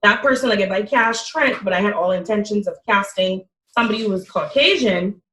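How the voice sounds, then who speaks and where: Woman, panelist, thoughtful and measured, roomy echo. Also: mid-range voice, a bit bright. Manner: thoughtful, reasoning aloud. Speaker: podcast panelist. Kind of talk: casual group discussion. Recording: echoey room.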